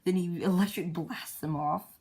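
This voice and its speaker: A woman excitedly retelling the story of her own comic journal in a rambling, casual way, jumping into brief character voices. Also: fairly low pitch, moderate pace, faint music behind.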